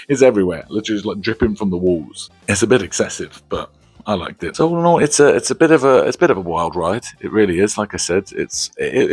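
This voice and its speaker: Deep husky man chatting movies. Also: no room sound. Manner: rambling, laughs often, swears casually. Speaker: movie review host. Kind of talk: casual movie review chat.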